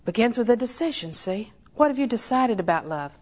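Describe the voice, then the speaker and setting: An older woman preaching a sermon in a folksy, storytelling way, with slow emphatic repetition. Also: fairly high pitch, lively intonation, darkish tone.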